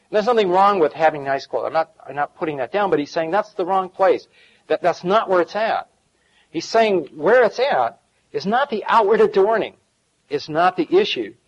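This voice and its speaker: A man's voice: high voice, dull audio. A middle-aged man preaching a sermon as pastor, in a folksy style with chuckles and asides.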